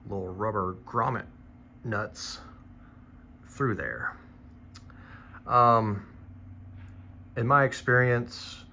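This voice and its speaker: A man's voice: low-pitched, sharp tone, slight background noise. A man talking viewers through a motorcycle parts install in a loose, rambling, self-deprecating way, as a casual how-to vlogger in a garage.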